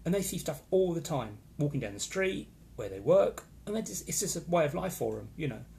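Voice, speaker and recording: A man's voice: on the high side, big pitch swings, fairly quick, creaky, darkish tone, slight background noise. A man hosting a casual live stream, chatting with opinions and greeting viewers by name as he reads their comments. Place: holiday location in Florida.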